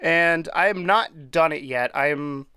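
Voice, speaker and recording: Guy rambling about a game he played on a podcast, kinda high voice, lots of restarts. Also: a little slow, pushed and bright, clean tone, dry recording. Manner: rambling, with many restarts and laughs. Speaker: podcast co-host. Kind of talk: casual chat reviewing a game.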